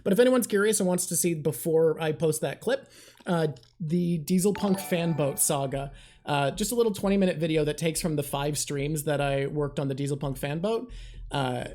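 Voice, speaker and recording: A woman hosting a live stream in casual chat, excitable, swearing, and talking in rushed bursts while thanking viewers. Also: deep voice. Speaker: livestream host.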